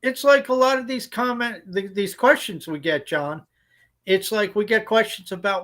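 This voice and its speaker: Podcast co-host, male, high voice, blunt profane ranter. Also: a little fast, a bit bright. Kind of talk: casual podcast chat.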